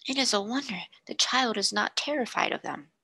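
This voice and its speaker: A woman's voice: on the high side, lively intonation, a little fast, vocal fry, pushed and bright, breathy edge, dry recording, voice pushed up, full character voice. A woman voicing a cautious young male secretary who whispers anxiously. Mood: nervous whisper.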